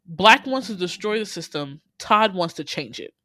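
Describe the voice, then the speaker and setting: A man casually recapping a TV series on a podcast, telling the story in lively bursts, acting out the characters' lines and swearing freely, with lots of "you know". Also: sits high, normal speed, dry recording, studio quality. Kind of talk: casual chat.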